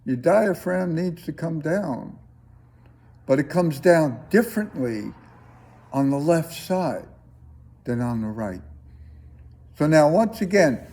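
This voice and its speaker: A man teaching a breathing class, guiding students with slow, calm, coaxing instructions. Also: a little high.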